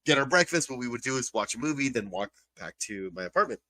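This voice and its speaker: Guy on a podcast, bright sharp voice, dry sound, bit off mic, animated crude storyteller. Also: mid-range voice, fast, no echo, distant mic, rough recording. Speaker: podcast co-host. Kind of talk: casual storytelling.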